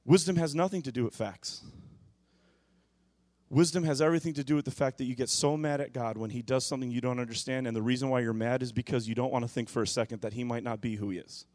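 A man preaching a sermon as pastor, moving from quiet, musing passages to loud, impassioned bursts. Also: mid-range voice, fairly even intonation, fast, no echo, clean studio sound.

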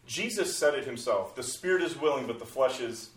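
Pastor, male, 40s, animated talker, recorded from a distance in a roomy space. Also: mid-range voice, brisk. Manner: animated, acts out inner voices in quotes. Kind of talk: conversational church talk. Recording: roomy sound from a distant mic.

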